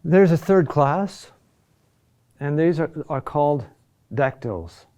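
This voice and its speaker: A male teacher lectures in a slow, unhurried way, often repeating words. His voice sits a little high for a man but sounds dark and mellow. He keeps checking in with a quick "huh?" as he explains. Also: animated. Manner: repeats key words for emphasis. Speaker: chant teacher. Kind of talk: classroom lecture.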